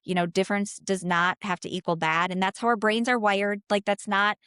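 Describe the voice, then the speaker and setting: Animated Minnesota woman, smooth clear voice. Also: mid-range voice, brisk, no echo, clean studio sound. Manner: animated, talks with her hands in words, lots of "like" and "you know". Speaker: guest. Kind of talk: casual podcast conversation.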